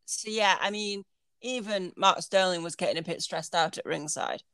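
A woman chats about wrestling matches on a casual podcast, giggling now and then and pausing to find the right word. She is recorded close, with a dry sound and no room echo. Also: on the low side, a bit bright. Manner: giggly, searches for words, agreeable. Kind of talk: casual chat.

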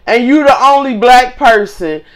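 A woman's voice: fairly high pitch, expressive, moderate pace, rough recording. A woman co-hosting a casual chat, blunt and profane, with cutting remarks.

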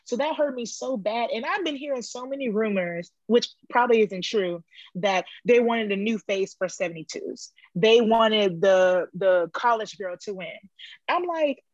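A woman's voice: moderate pace, dry recording. A woman recounts a competition story in a casual interview, her voice leaping up whenever she acts out what someone said. The sound is a little dull and dry. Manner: animated storytelling, acts out quotes with high pitch jumps. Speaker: powerlifter guest.

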